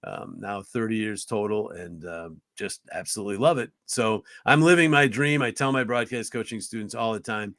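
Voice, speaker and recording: A man's voice: fairly low pitch, normal speed, hardly any pauses, no room sound, clean studio sound. Chatty sportscaster in his fifties telling stories. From upstate New York. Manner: lively storyteller who acts out other people's lines with his voice jumping up; frequent restarts and "uh"s, chatty and earnest. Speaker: hockey play-by-play broadcaster, guest. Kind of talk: conversational storytelling in a podcast interview.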